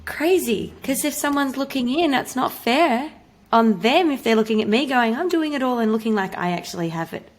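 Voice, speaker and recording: A woman's voice: on the high side, moderate pace. A woman hosting a casual podcast chat, talking candidly and conversationally. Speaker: podcast host.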